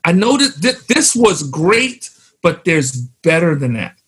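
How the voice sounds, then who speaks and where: Husky-voiced pastor musing on excellence. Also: male voice, high-pitched, sing-song, unhurried, a bit bright. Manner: reflective, preachy turns of phrase. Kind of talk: casual chat about ministry.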